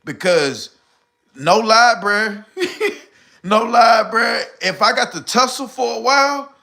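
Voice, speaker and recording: A man's voice: very high-pitched, lively intonation, takes it slowly, vocal fry, bright, forceful tone. A middle-aged man hosting a live stream, chatting casually and reading comments in rambling slang, often short of breath.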